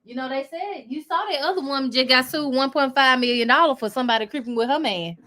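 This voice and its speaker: Woman hosting a live reaction stream from home, high bright voice, keeps cracking up and talking to chat. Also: quick pace. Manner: loud laughing, animated, talks to viewers. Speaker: commentary host.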